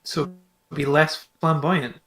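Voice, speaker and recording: A man's voice: fairly high pitch, steady tone, takes it slowly, a crowd in the background. A man playing in a tabletop role-playing game, chatting casually, hesitant and laughing between remarks. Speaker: player. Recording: roomy echo.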